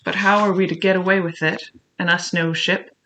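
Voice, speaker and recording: A man voicing a surly pirate with a sullen, doubting way of talking, a little raised in pitch. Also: little pitch movement, fairly quick, pushed and bright, a little hiss or hum, poor audio. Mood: doubtful. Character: surly grumbling male pirate.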